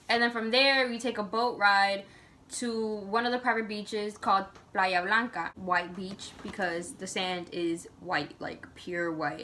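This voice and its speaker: A young woman vlogger telling a personal story in a casual, chatty way, full of fillers and animated turns. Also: mid-range voice.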